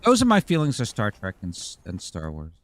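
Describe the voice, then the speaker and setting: A man's voice: lowish voice, wildly swooping pitch, a little fast, a little hiss or hum. A man streaming a game as a VTuber, talking in a rambling, casual way and swearing freely. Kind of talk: casual gaming livestream chat.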